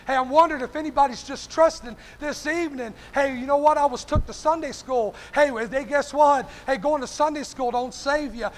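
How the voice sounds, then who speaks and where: Male preacher, very high voice, fervent evening sermon, punctuates lines with "hey", calls out congregation members by name. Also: fairly quick, hardly any pauses, slight background noise. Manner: fervent, peppers phrases with "hey"; addresses listeners by name.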